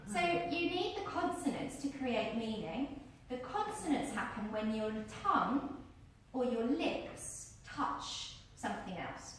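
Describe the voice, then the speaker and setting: A woman's voice: fairly high pitch, big pitch swings, takes it slowly, slight background noise. A woman teaching a workshop on using the voice, chatty and encouraging as she demonstrates exercises aloud to a group. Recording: very echoey room, voice from far off.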